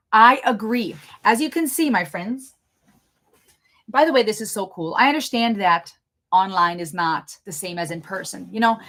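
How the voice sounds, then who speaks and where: A young woman with a slight German accent chats through a live Q&A stream. She talks quickly and gets excited easily, in a voice of ordinary pitch. Her tone is casual and friendly, like an everyday vlog host. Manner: excitable, fast-talking, chatty. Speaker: channel host doing a live Q&A.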